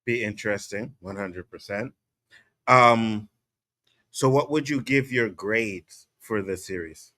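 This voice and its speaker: A man's voice: on the low side, slow pace, sharp tone. A man hosting a casual roundtable chat, blunt and profane, laughing easily as he steers the talk. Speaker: podcast host.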